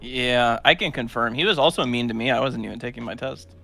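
A young man co-hosting a live stream, telling a rambling story in a casual, animated way with lots of fillers. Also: medium pitch, fast talker, vocal fry, soft background music. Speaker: streamer co-host.

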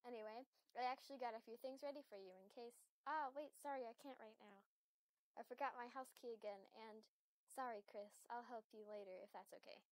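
A woman's voice: a little high, fairly quick, no room sound, close to an everyday voice, rough recording. A woman reading game lines aloud as a shy, kind young reindeer girl, hesitant and apologetic with stammers.

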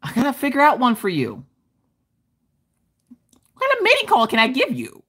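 A woman hosting a casual crafting livestream from her desk at home, reading out viewer comments in a loud, bawdy, joking way and laughing often. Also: sits high, huge pitch swings, moderate pace, slightly rough. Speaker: livestream host.

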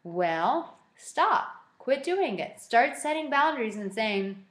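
A young woman giving a motivational self-help talk, animated and acting out little dialogues as she goes. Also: a little high, slow pace, few pauses, roomy sound. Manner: animated, acts out quoted dialogue.

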